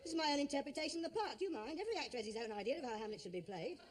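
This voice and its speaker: A pompous would-be Shakespearean ham. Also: male voice, very high voice, lively intonation, racing. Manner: grandiose, self-important, bluster. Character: pompous vain would-be Shakespearean actor, man. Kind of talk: 1950s radio comedy acting.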